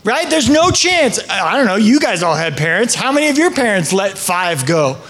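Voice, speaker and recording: Pastor preaching, chatty and jokey, kind of high voice for a dude. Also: male voice, moderate pace. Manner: conversational, joking, lively asides. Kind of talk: sermon.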